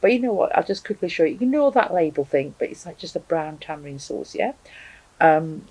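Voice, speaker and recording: A woman talks casually to camera about the sauce she is tasting at home, thinking aloud with plenty of ums. Her voice is husky and sits fairly low for a woman. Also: lively intonation, brisk, a little mellow, no room sound, rough recording. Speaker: hot sauce reviewer. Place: home, indoors with a cat.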